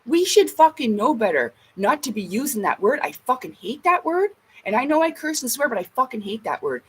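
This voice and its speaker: A woman's voice: fairly high pitch, breathy edge, low-quality recording. A woman vlogger in a casual ranting monologue, blunt and emphatic, swearing heavily.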